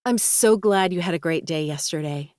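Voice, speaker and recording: Woman doing a gentle reassuring young heroine, low-ish voice, audiobook. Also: moderate pace, no echo, clean studio sound, natural voice. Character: warm reassuring young woman, romantic lead.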